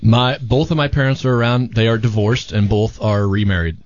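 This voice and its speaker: A man's voice: lowish voice, steady tone, normal speed. Young male tech guest, mid voice, easygoing, dry dull studio audio. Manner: agreeable, easygoing, hesitant with fillers. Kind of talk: casual radio chat.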